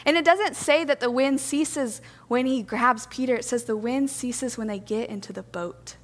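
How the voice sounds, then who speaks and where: A woman preaching a sermon to a congregation, gentle, earnest and reflective. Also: on the high side, moderate pace, long reverb tail.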